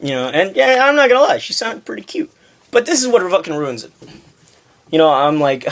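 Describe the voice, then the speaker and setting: A man's voice: sits high, big pitch swings, a little fast, creaky. A young man co-hosting a casual homemade podcast, ranting profanely through a work story and mimicking the people in it. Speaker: podcast co-host. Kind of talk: casual chat.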